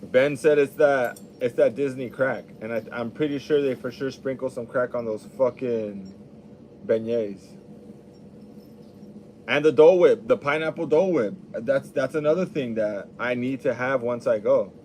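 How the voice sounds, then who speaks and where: A young man rambles through a casual, laid-back monologue, swearing freely as he goes. His voice sits at an ordinary middle pitch. A faint hiss of background noise runs under the recording. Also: normal speed, a little mellow.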